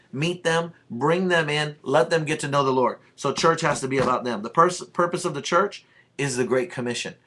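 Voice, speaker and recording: A man's voice: fairly high pitch, a bit bright. A male pastor giving an informal, blunt talk about church, telling stories in a conversational way. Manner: blunt and plainspoken, with a conversational storytelling tone.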